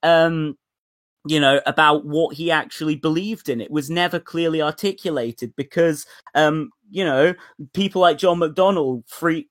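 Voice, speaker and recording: A man talking through politics in a casual, animated way, sometimes mocking and swearing. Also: on the high side, dry recording, clean studio sound.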